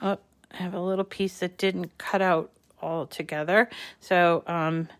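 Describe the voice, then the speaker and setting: A woman's voice: fairly low pitch, steady tone, measured pace. A woman hosting a live paper-crafting tutorial, chatting casually with many ums and small restarts as she walks viewers through each step. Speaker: crafting channel host.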